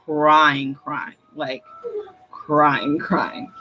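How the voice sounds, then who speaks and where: Female channel host, slow casual rambling chat, lots of filler. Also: sits low, level tone, muffled recording, soft background music. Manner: rambling, repeats "like", laughs often. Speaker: intuitive reader and channel host.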